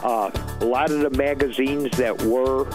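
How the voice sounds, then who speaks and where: A man's voice: medium pitch, fairly even intonation, unhurried. An older man hosting a short fishing segment on the radio, talking in a folksy, rambling way with lots of restarts. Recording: music bed behind voice.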